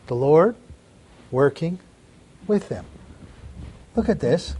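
A middle-aged man preaching a sermon, telling a personal story in an earnest way, repeating words and swinging between soft and loud. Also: fairly high pitch, animated, slow pace, pauses often, husky.

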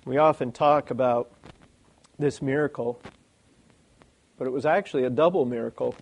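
A man preaching a sermon, animated and full of rhetorical questions. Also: mid-range voice, moderate pace, poor audio.

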